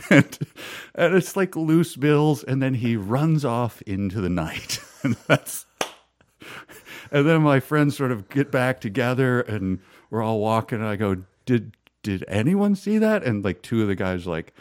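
A man's voice: medium pitch, unhurried, dry recording, clean studio sound. A man in his fifties from Minnesota telling a long, rambling story in casual chat, laughing often at himself. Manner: rambling, self-amused storytelling with frequent laughs. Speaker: storyteller guest.

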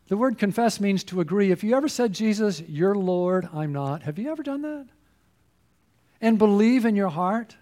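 A man's voice: sits high, warm tone. A man preaching a sermon as a pastor, earnest and full of rhetorical questions to his listeners.

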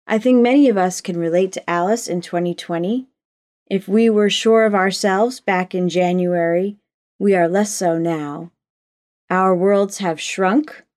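Woman preaching a measured sermon. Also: on the low side, darkish tone.

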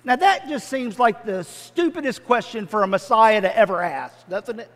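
Pastor guy giving a sermon, chatty and jokey, pretty high voice, long church reverb. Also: animated, normal speed, fairly bright tone. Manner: conversational, humorous storytelling with modern comparisons.

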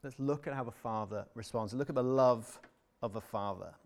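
A young adult man preaching a sermon in an earnest, emphatic way, sometimes dropping to a soft, tender tone. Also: medium pitch, moderate pace.

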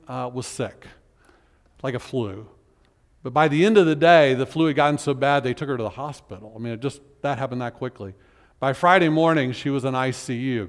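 A male pastor telling a personal story in a sermon, earnest and emotional, often halting and restarting his sentences. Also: medium pitch. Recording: reverberant hall.

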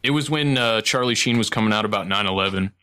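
A man's voice: lowish voice, fast talker, sharp tone, clear, resonant tone. A man hosting a podcast in casual chat, blunt, profane and joking. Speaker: podcast host.

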